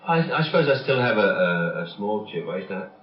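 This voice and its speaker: Deep-voiced Cockney man, old roomy recording. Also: big pitch swings, brisk, a little hiss or hum. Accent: Cockney London. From London, England. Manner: hesitant, with frequent restarts and fillers, wry and pointed. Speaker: interviewee. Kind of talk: reflective interview talk. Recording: old dull interview recording, roomy and distant.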